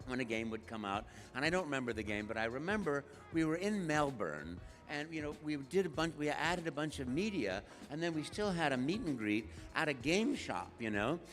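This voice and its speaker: An older man, a guest voice actor, telling stories at a live stage Q&A in an animated, playful way. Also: a little high, brisk, hardly any pauses, faint music behind.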